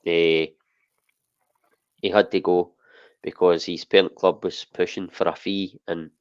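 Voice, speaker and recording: A Scottish man chatting on a podcast, with a low voice and a rambling delivery full of "eh" and "listen." The sound is dry, close and dull. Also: no echo. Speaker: podcast co-host. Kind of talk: casual football chat.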